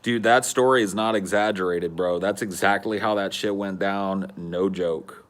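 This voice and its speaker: A man in his thirties telling a wild story as a podcast co-host in casual chat, cursing freely and acting out the quotes loudly. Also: deep voice, moderate pace. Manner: animated, swearing, acts out quotes loudly.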